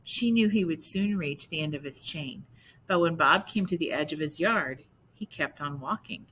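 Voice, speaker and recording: A woman reading a picture book aloud slowly, adding explaining asides to listeners. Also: sits low, lively intonation, a bit bright, husky, low-quality recording. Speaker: storybook reader.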